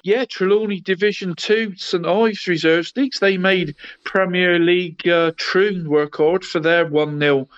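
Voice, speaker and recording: A man's voice: high voice, fairly even intonation, measured pace, fairly bright tone, clean tone, dry recording. A man running through local football results in casual radio chat, adding "mate" to nearly every phrase. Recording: slightly muffled, dry studio sound.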